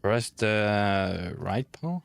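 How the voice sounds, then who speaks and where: A young man with a delivery, commentating a game and reading its text aloud, thinking out loud and laughing often. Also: on the low side, expressive, extremely slow. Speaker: gaming YouTuber. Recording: gravelly voice over faint game ambience.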